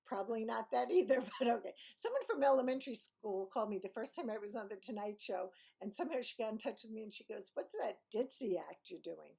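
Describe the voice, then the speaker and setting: A woman with a light New York accent tells a digressive, self-mocking story to her channel viewers. Her voice sits fairly high, with a gravelly fry at the ends of phrases. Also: animated, mellow. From Brooklyn, New York. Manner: rambling, self-mocking, digressive with quick laughs. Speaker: vlogger. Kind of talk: chatty storytelling monologue.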